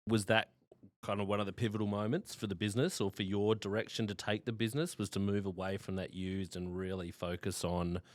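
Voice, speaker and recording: A man interviewing a guest casually, chiming in with short, relaxed remarks. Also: lowish voice, a little fast, no echo.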